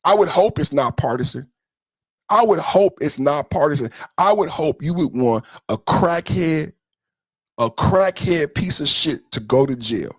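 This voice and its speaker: A man hosts a political livestream, his voice sitting fairly high and recorded dry and close with no room sound. He scolds his chat with profanity and hammers points through repetition. He swings between loud outbursts and low, bitter asides. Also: lively intonation, measured pace, breathy edge, no room sound. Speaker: podcast host.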